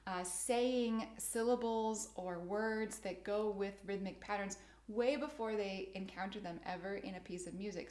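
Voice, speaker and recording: A woman's voice: medium pitch, a little mellow. Methodical woman piano teacher, roomy sound. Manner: clear, methodical explaining, chanting rhythm words. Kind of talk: instructional video for teachers. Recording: roomy echo.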